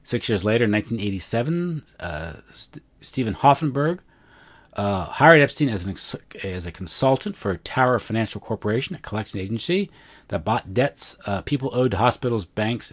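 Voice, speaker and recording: Male podcast co-host, lowish register, casual notes read-through, self-correcting, chatty asides. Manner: reads aloud with frequent self-corrections and fillers; offhand asides between read passages.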